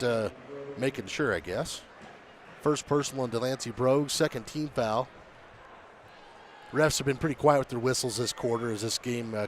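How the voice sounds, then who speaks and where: A man giving relaxed color commentary on a basketball game, adding stats and asides. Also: medium pitch, a little hiss or hum.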